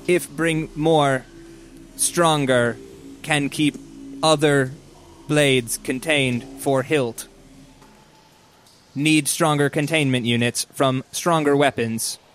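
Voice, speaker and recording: A man's voice: fairly high pitch, steady tone, slow pace, long pauses, fairly bright tone, faint music behind. A man voicing a female weapon-smith who speaks in short broken phrases. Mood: matter-of-fact.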